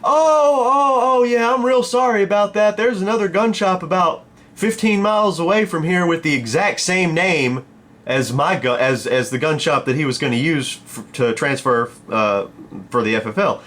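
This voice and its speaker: Man doing a high, flustered buyer, stammering apologies. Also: normal speed, a bit bright. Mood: apologetic.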